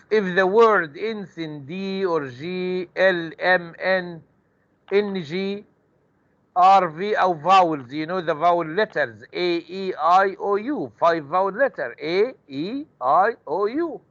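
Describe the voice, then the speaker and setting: A man teaches English plural endings to a classroom. He speaks slowly and patiently, repeating each word as a drill. The recording sounds dull and lo-fi. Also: high voice, fairly bright tone. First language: Arabic. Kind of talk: classroom grammar lesson.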